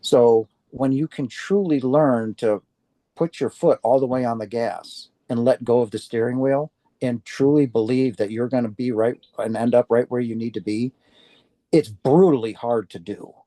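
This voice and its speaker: Earnest older man with a mellow, dry voice. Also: medium pitch, moderate pace, dry recording. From Wisconsin. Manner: earnest, heartfelt, acts out quoted speech. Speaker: interview guest. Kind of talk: personal storytelling in an interview.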